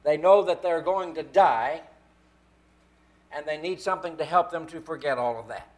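A man delivers a sermon in a fairly high voice. He leans on key phrases, slowing down to stress them one word at a time. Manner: emphatic, slow stresses on key words. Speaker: preacher.

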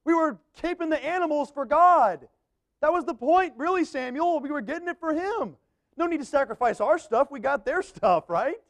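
A man's voice: animated, normal speed, fairly bright tone, full character voice. A man voicing a defensive king who keeps making excuses, his voice raised and pleading. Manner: pleading, higher-pitched voice.

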